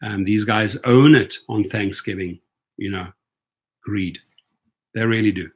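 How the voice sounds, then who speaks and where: A man's voice: fairly low pitch, a little slow, slightly rough. A man hosting a casual livestream, talking emphatically and asking rhetorical questions. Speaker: rideshare channel host.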